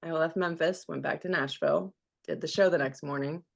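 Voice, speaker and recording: Deep-voiced and brisk, with vocal fry and fairly even intonation, a thirtysomething woman tells a personal, emotional story on a podcast. A radio host herself, she's there as a guest and frequently quotes others' words to her.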